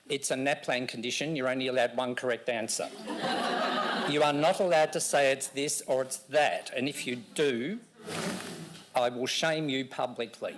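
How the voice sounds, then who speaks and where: A man's voice: medium pitch, noisy background. A man, an education consultant giving a conference talk to a room of listeners and joking with them. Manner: teasing, jokes with the audience. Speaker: education consultant presenting at a symposium. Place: lecture room with an audience.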